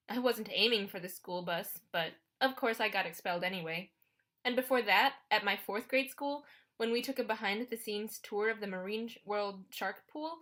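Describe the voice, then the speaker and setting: A woman's voice: mid-range voice, a bit bright. A woman narrating an audiobook in the first person, in a wry, conversational storytelling manner.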